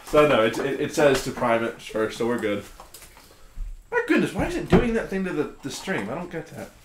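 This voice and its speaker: A man's voice: a little high, moderate pace. Joky young guy on a live stream, voice all over the place, echoey room. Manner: animated and jokey, reads chat aloud. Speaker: streamer co-host. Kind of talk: casual live-stream chat. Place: studio room being painted. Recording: roomy echo, faint noise.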